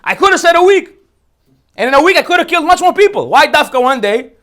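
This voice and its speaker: A man's voice: very high voice, very animated, quick pace, fairly bright tone, voice pushed up, exaggerated voice. A man playing a boastful, wicked ancient villain in a comic retelling during a lecture. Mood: gloating. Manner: gloating, indignant.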